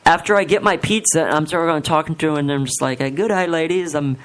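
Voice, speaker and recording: A man's voice: a little high, fast talker, a bit bright. A young man in his twenties telling a rambling, self-deprecating story on a talk radio show. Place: radio studio with other hosts.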